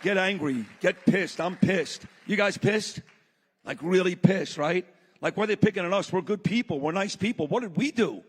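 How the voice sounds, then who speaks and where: A summit speaker with a high voice tells a story at a moderate pace in a blunt, impassioned speech before a live audience. Some chatter sits behind him, and the large hall adds a long reverb.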